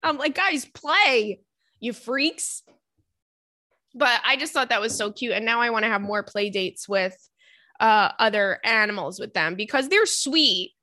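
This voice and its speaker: Young woman, podcast host, casual animated storytelling, swears freely, bright tone, dry close sound. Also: medium pitch, normal speed, no room sound. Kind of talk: casual chat.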